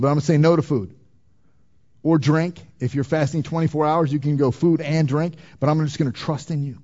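Man preaching with dull lo-fi sound. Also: fairly high pitch. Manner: swings between loud emphatic preaching and quiet intimate passages. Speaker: pastor. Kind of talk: sermon.

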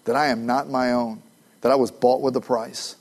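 A middle-aged male pastor preaching a sermon in an emphatic, animated way, with playful asides to his congregation. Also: medium pitch, moderate pace, creaky.

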